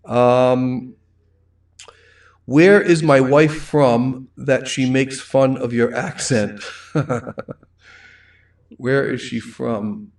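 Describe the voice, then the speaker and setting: A man's voice: mid-range voice, steady tone, extremely slow, long pauses, darkish tone, far from the mic. A middle-aged man with a thick Rhode Island accent, hosting a casual live wine show, rambling and reading viewer comments aloud. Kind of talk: casual live-stream chat.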